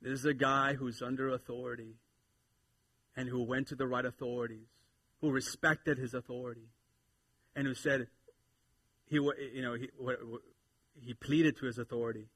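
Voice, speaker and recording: A man in his thirties preaching a sermon in church, animated and playful, swinging between loud exhortation and quiet asides. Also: medium pitch, normal speed, long pauses, husky, dry recording. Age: 30s. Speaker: pastor. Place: church sanctuary with congregation.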